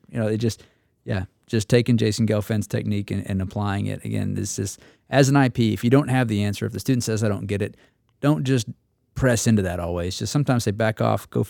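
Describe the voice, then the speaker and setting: A man's voice: on the low side, gravelly, darkish tone, no room sound, studio quality. A man who is an instructor pilot, telling stories in a casual roundtable chat and acting out the people he quotes. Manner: storytelling, acts out quotes.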